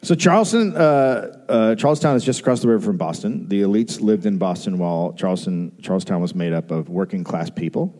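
A man's voice: on the low side, fairly quick, few pauses, warm tone, long reverb tail. A man hosting a live comedy podcast, dryly telling a history story on a theater stage. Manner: dry storyteller, reads quotes and dates. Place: large theater, live audience.

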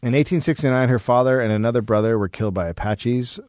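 A man co-hosting a comedy podcast who tells a history story in a casual, profane, laid-back way, often pausing with "um". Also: mid-range voice, darkish tone, no echo.

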